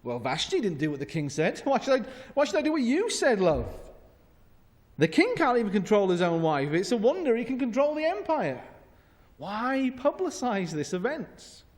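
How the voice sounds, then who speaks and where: A man's voice: sits high, very animated, normal speed, long reverb tail. A man voicing a scornful, defiant ordinary wife.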